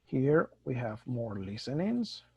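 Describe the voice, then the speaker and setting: Slow-talking male teacher. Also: medium pitch, very animated, darkish tone, husky, no room sound. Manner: slow, mixes Spanish and English explanations. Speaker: English teacher. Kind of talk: recorded online lesson. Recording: dull dry lo-fi recording.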